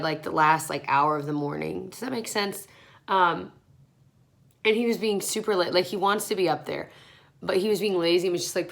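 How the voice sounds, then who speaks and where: A woman in her twenties with a lowish, fairly bright voice chats casually to her camera while getting ready in a small room at home. The beauty vlogger sounds tired, wandering from one thought to the next and laughing often as she talks.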